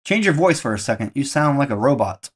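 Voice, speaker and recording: A man's voice: mid-range voice, sing-song, fairly quick. A man streaming live, playfully questioning an AI assistant in casual chat.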